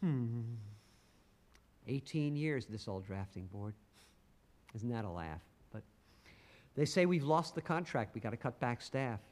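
A man's voice: medium pitch, animated, unhurried, long pauses, in a large hall. A man telling a rhyming story in a rhythmic, punchy spoken-word recitation.

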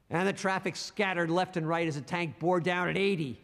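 A man's voice: high voice, steady tone, a little fast, vocal fry, hardly any pauses, fairly bright tone, big-room sound. A man telling a rhyming story in a rhythmic, punchy spoken-word recitation.

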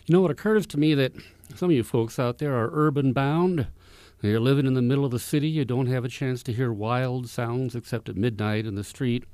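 A man hosts a radio show, spinning folklore in a folksy, rambling way full of restarts. His voice is mellow and warm-toned, recorded dry and close in a studio. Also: medium pitch, dry recording. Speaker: folk music radio host.

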